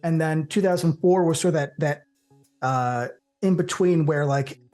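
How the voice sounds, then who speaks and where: A man co-hosting a casual movie podcast, opinionated and animated, with profane banter. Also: a little high, moderate pace, faint music behind. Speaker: co-host.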